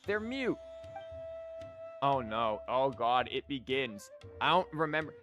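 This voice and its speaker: A man's voice: medium pitch, very animated, slow, a bit bright, soft background music. A man streaming a game, talking casually and candidly with lots of fillers and rambling asides. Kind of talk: casual gaming commentary.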